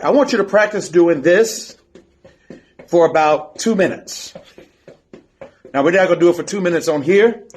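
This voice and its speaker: A man coaching a step team in an instructional video, counting and chanting the beat while he demonstrates. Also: a little high. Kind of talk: instructional video teaching drills.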